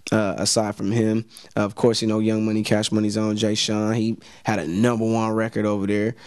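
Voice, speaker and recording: An American rapper and actor, a guest in a casual interview, chats in a laid-back, slangy way and often repeats words as he starts a sentence. His lowish voice is clear, resonant and a little mellow, delivered completely flat and a little fast. The clean studio sound has no room sound.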